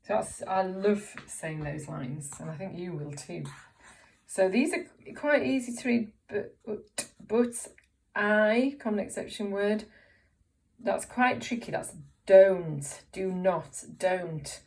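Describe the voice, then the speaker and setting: A woman's voice: medium pitch, takes it slowly, darkish tone. A woman teaching a reading lesson to young children in an encouraging way, often asking tag questions. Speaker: primary school teacher.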